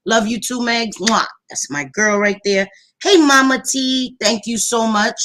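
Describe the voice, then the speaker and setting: A woman hosting a casual livestream, greeting viewers loudly and chattily with pet names like sweetie pie and baby girl. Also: on the high side, measured pace, slight background noise. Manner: loud, animated voice. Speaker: livestream host.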